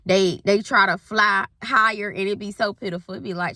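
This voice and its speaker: A woman's voice: mid-range voice, steady tone, moderate pace, pushed and bright, no room sound, studio quality. A woman in her thirties, a spiritual life coach, giving a rambling, folksy pep talk in casual Southern slang. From Southern US countryside. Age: 30s.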